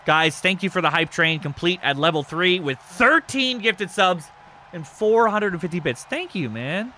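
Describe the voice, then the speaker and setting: High, animated streamer man. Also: moderate pace, slight background noise. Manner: excitable, crude and joking, yelps at big moves. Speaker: streamer hosting a wrestling game show. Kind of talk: casual live-stream commentary.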